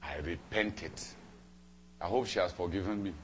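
A man preaching a sermon, telling a personal story with dramatic repetition and emphatic swings between loud and soft. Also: low voice, normal speed, slight background noise. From Cameroon. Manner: dramatic, repeats phrases for emphasis.

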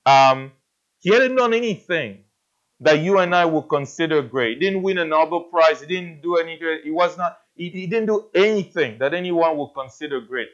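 A man's voice: on the high side, expressive, normal speed, fairly bright tone, muffled recording. A man preaching a sermon, earnest, putting repeated questions to his listeners. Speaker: pastor.

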